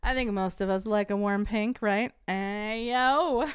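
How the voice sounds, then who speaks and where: A woman's voice: medium pitch, takes it slowly, smooth. A young adult woman hosting a podcast, casually reading a story aloud to her live chat and laughing often. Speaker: podcast host reading stories.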